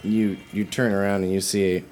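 A man narrating as game master in a tabletop game, relaxed and rambling. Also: sits low, moderate pace, slight background noise.

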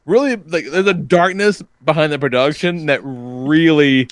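A man's voice: on the high side, unhurried, no room sound, clean studio sound. A man in his thirties, a podcast host telling stories in a loose, profane casual chat. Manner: profane, animated storyteller.

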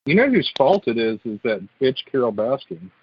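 A man co-hosting a podcast in casual chat, blunt and excitable. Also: mid-range voice, fairly quick, husky, dry recording. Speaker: podcast co-host. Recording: dull lo-fi recording.

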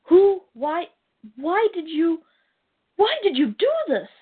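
A woman's voice: animated, drawn-out words, exaggerated voice. A woman voicing an earnest, distressed young male hero as she reads a comic aloud. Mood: pleading. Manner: read aloud from a comic, voice climbing high. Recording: tinny phone-like sound.

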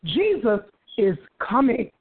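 A woman with a high, sweeping voice preaches with passion, bursting into hallelujahs and circling back over her words. Her voice comes through thin and boxy, like a phone line. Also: sing-song, takes it slowly, breathy edge. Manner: impassioned, bursts into hallelujahs, repeats phrases. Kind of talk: fervent preaching.

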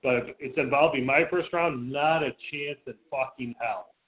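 Here a male co-host talks sports on a casual radio show at a moderate pace, speaking bluntly, cursing freely, and often stumbling and restarting. His pitch is ordinary and mid-range. The lo-fi audio comes across thin and narrow, much like a phone call.

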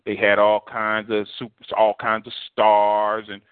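Preaching in a conversational way, a man tells a story and acts out the people in it with animated quotes. His lowish voice is clear and resonant, a little slow, in a dry, tinny, phone-like recording.

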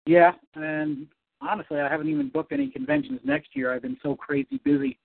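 A man, a comic book writer, talking as a guest in a casual interview, animated and rambling. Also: very high voice, fairly quick, gravelly, slightly rough, dry recording. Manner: animated, rambling, self-correcting. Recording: dry, tinny phone-like sound.

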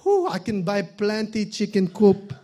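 A begging older Filipina gambler, as a male preacher puts her on. She pleads in a sing-song, pitched well above a man's range. Each appeal to heaven comes out needy and wheedling. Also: sing-song, measured pace, mellow. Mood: pleading. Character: older Filipina woman begging God for a jackpot.

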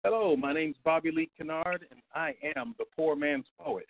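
A man's voice: on the high side, moderate pace, gravelly. A man in his fifties introducing himself and reading a playful alliterative poem. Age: 50s. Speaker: poet at a reading. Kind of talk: poetry reading. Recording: tinny lo-fi phone-like sound.

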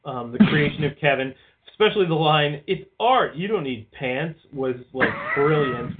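A man's voice: fairly high pitch, normal speed, noisy background. Rambling man on a tinny line. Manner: rambling, swears often, leans on "like". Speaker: podcast co-host. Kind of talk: casual chat.

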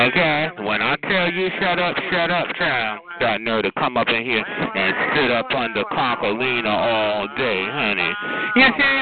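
A man's voice: fairly high pitch, very noisy. Sassy man ranting over a phone line. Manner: sassy, profane ranting, calls people honey and child. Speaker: host of a call-in chat. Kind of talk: casual call-in chat. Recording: tinny phone line with crowd chatter.

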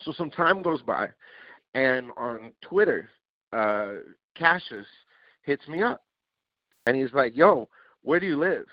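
A man telling stories as a podcast guest in a casual, animated way, swearing and acting out what people said. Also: medium pitch, slow, pauses often, no room sound. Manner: animated, swears, acts out quotes. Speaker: interview guest, music producer. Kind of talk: casual storytelling. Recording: dull lo-fi dry sound.

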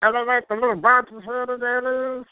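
A man doing a voice for a timid, childlike talking meatball, high and squeaky, slow and innocent, over a phone line. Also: level tone, no echo. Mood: spooked. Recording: dry tinny phone line.

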